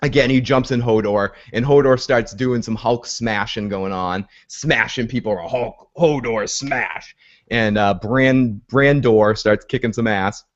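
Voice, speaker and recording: A man's voice: mid-range voice, fairly even intonation, a little slow, hardly any pauses, highs cut off. A man co-hosting a casual recap podcast, retelling the episode with many fillers and restarts. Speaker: podcast co-host.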